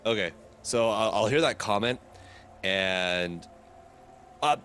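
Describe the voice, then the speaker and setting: A fairly low-voiced man playing in a tabletop game, hesitant and often stumbling as he works out what his character does. Faint noise hums in the background. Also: animated, slow, fairly bright tone. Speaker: player. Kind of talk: tabletop role-play.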